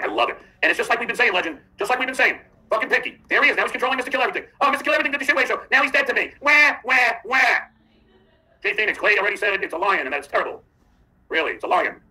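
High bright mocking male podcast host. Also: low-quality recording. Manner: combative, mocking. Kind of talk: livestream chat reading.

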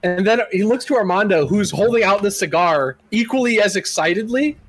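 A man's voice: high voice, brisk, low-quality recording. A man co-hosting a casual podcast, animatedly retelling a wrestling show and often laughing. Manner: animated storyteller, laughs often, shouts impressions. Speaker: podcast co-host recapping wrestling.

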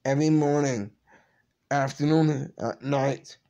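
Tearful man, slow and halting, apologizing to camera, mid-pitched. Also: fairly even intonation, warm tone, dull audio. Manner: halting, repeats and restarts words; apologetic, subdued. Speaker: vlogger. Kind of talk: emotional personal vlog.

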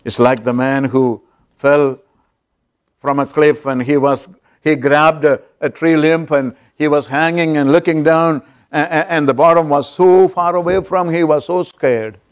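A pastor delivers a sermon in a measured, unhurried way, pausing often as he tells a story. His voice sits a little higher than most men's, and he checks in with the congregation as he goes. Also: fairly even intonation, smooth. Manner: storytelling preacher with call-outs to the congregation.

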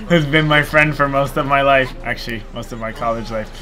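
A man's voice: mid-range voice, a bit bright. A man streaming a game live, chatting casually, joking, swearing and laughing often.

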